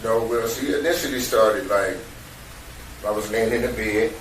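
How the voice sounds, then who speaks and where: A man's voice: lowish voice, normal speed, distant mic. Man telling his story in slang. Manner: profane, animated storytelling in casual slang. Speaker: stepfather giving a statement to detectives. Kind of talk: police interview statement. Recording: echoey noisy room from afar.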